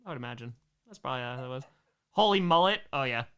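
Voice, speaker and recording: A man hosting a live stream, reacting to his own home videos with excitable, self-mocking jokes. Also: medium pitch, fast, clean tone. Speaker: streamer host.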